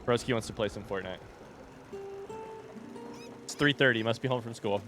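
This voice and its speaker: A man streaming a game live in a relaxed, rambling way, greeting chat and swearing casually. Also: medium pitch, moderate pace. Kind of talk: casual gaming livestream chat. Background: game music.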